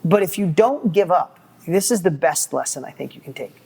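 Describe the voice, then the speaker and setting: Middle-aged male guest, motivational storyteller, animated, repeats himself when fired up. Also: on the high side, fairly quick, gravelly, slightly rough. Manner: animated, acts out quoted dialogue, repeats words when excited.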